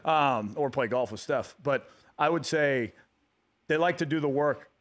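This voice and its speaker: A man in his thirties, a guest on a radio talk show, telling stories in a relaxed way with many fillers and restarts. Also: medium pitch, measured pace. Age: 30s. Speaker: guest athlete. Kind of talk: casual radio interview.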